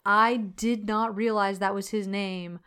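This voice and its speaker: A woman chatting casually as a podcast co-host, walking through a film's plot. Her voice is smooth and clear at a middle pitch. She swears freely and slips into mock voices when quoting characters. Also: fairly even intonation, a little slow, fairly bright tone. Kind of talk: casual chat recapping a movie.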